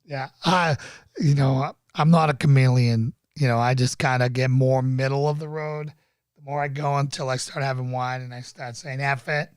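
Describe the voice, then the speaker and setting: A man's voice: medium pitch, fairly even intonation, normal speed, clear, resonant tone. A man hosting a casual live-stream chat, laid-back and rambling with lots of fillers. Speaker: podcast host.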